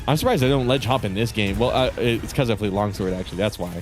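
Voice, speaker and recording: A man's voice: on the low side, fast, faint music behind. Laid-back, cursing young man streaming. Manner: rambling, profane, laid-back. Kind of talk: casual gaming commentary.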